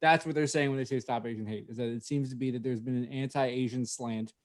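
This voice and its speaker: A man's voice: medium pitch, fairly even intonation, a little fast. A man in casual podcast banter, blunt and sarcastic, swearing freely. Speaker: podcast co-host. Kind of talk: casual comedic chat.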